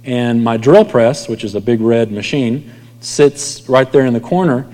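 A pastor with a mellow, medium-pitched voice delivers a sermon a little slowly in a reverberant hall. His preaching is conversational, dropping to near whispers at the ends of lines.

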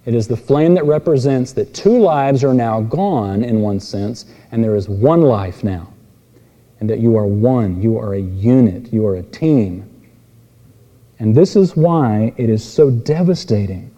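A man preaching an expository sermon, telling stories with voiced characters and moving between emphatic and quiet delivery. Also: medium pitch, a little slow. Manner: animated storytelling with voiced characters. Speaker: pastor. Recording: long reverb in a large hall.

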